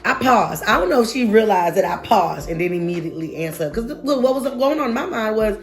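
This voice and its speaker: A woman in her thirties, telling a personal story to camera in a lively, expressive way and acting out what people said. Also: mid-range voice, brisk, few pauses, faint music behind. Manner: animated, expressive, acts out quotes with exaggerated reactions.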